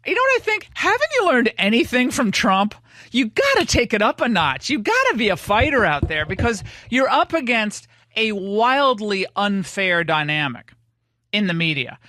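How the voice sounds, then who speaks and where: A woman's voice: fairly low pitch, sharp tone, no room sound, clean studio sound. A woman hosting a talk radio show, talking casually and emphatically in an opinionated monologue with frequent restarts and asides.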